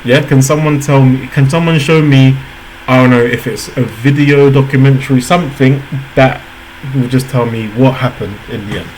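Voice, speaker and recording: Excitable man reacting with laughter. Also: mid-range voice, moderate pace, slight background noise, rough recording. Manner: excitable, laughs a lot, repeats himself. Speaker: reaction video host. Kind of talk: casual reaction commentary.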